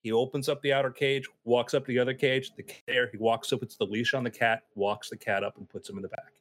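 A man telling stories in casual chat, animated and acting out the voices of people in them. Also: mid-range voice, fast.

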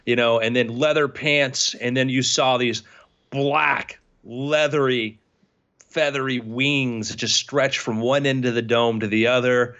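A man running a tabletop game who narrates each scene in vivid, playful detail. His pitch sits in the middle range. The recording sounds slightly dull. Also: a little slow. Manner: animated scene-setting with voices. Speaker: game master.

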